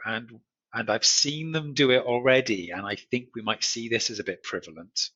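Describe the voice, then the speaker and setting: A man casually reviewing a care regulator's new strategy in a chatty, wry way, full of jokey asides and a husky edge. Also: mid-range voice, moderate pace, sharp tone, muffled recording. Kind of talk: casual solo video commentary.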